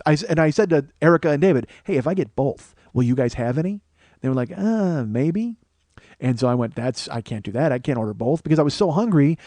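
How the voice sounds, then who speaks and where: Brief: male comic, quick profane storytelling, bright-ish voice, dry mic. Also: fairly high pitch, no room sound. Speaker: comedian host. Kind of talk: rambling comedic monologue.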